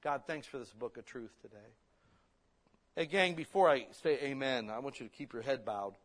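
A man preaching a sermon in a church, blunt and folksy, with sudden loud emphatic bursts. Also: mid-range voice, normal speed. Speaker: pastor. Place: church hall.

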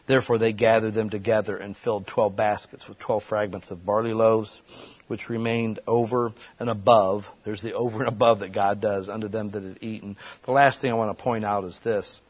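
Husky-voiced man preaching casually. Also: fairly low pitch, level tone. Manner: conversational preaching, quick asides and acted-out voices. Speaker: pastor. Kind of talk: sermon.

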